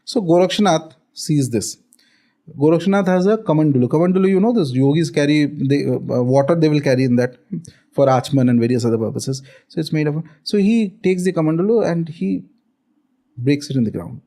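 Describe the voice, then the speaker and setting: A man's voice: fairly high pitch, fairly quick, dark tone. A man with an Indian accent, a spiritual author, explaining ideas and telling a story on a podcast with many fillers and Hindi asides.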